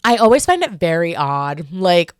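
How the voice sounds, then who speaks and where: A young woman hosting a solo podcast, talking in a chatty, animated way with lots of fillers. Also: fairly low pitch, moderate pace, smooth, no echo, clean studio sound. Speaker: podcast host. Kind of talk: casual solo podcast chat.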